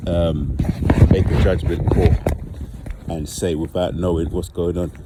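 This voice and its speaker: A man with a low, deep voice talks straight to his viewers in a loose, rambling vlog. He leans on "like" as he works through what happened. Steady traffic noise carries behind him. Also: a little slow. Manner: rambling, informal, heavy use of "like". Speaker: vlogger. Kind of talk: casual storytelling monologue.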